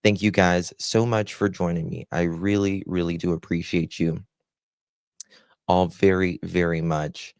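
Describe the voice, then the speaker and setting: A man with a very low, gravelly voice hosts a live stream, taking his time over every word. He greets his viewers one by one with heartfelt endearments. The sound is dry and close, with no room around it. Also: flat delivery, unhurried, a little mellow, no echo. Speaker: livestream host.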